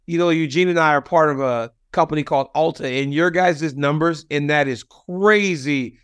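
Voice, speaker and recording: A man with a high voice hosts a casual interview. He asks direct, leading questions in an easy, conversational way. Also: moderate pace, a bit bright, clean tone. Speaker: host.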